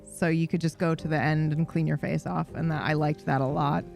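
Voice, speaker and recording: A woman's voice: sits low, fairly even intonation, fairly quick, vocal fry, a little mellow, soft background music. A woman livestreamer in casual chat, rambling and swearing freely with a self-deprecating streak.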